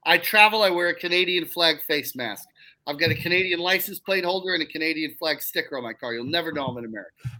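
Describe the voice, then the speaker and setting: A man with a bright, sharp voice trades dry banter in a casual podcast chat. He mocks himself with a wry edge. His pitch sits slightly high for a man. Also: fast talker, rough recording. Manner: wry, self-mocking banter. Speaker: podcast co-host.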